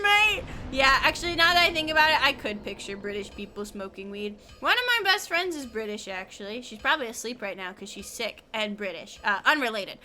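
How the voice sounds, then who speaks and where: A woman's voice: medium pitch, pushed and bright, a little hiss or hum. A young woman streaming a game, rambling and giggling as she chats with her viewers. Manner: rambling, giggly, talks to chat while playing. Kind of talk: casual gaming stream chat.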